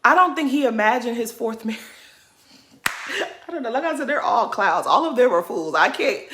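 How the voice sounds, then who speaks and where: A woman's voice: fairly high pitch, expressive, moderate pace, background noise. A woman giving casual reaction commentary, blunt and sassy, laughing as she rants. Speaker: reality TV commentator.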